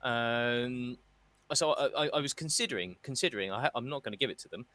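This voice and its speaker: A man's voice: medium pitch, fairly quick, sharp tone. A man co-hosting a casual football chat show, ranting and mocking with put-on voices. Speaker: podcast co-host.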